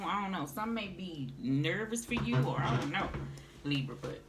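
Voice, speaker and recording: Low-voiced black lady doing a chatty tarot reading, hiss behind her. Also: big pitch swings, moderate pace. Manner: chatty, calls listener honey and baby, swears casually. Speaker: tarot reader. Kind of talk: casual tarot reading chat. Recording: noisy home recording.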